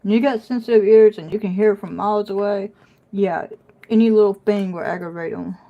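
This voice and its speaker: A woman's voice: mid-range voice, fairly even intonation, brisk, muffled recording. Chatty woman streaming from home. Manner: chatty, scolds her dog between remarks to viewers. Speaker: puzzle live streamer. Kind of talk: casual livestream chat. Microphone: phone.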